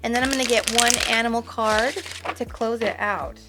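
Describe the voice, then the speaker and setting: A woman giving a gentle, reflective pick-a-card tarot reading, with frequent fillers as she goes. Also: a little high, fairly even intonation, normal speed, heavy background noise. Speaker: tarot reader.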